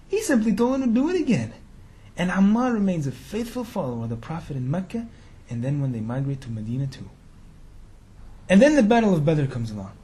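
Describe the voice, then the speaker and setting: A preacher with a high-sitting, dark-toned voice tells a religious story during a sermon. He talks casually, using slang, and keeps firing rhetorical questions at his listeners.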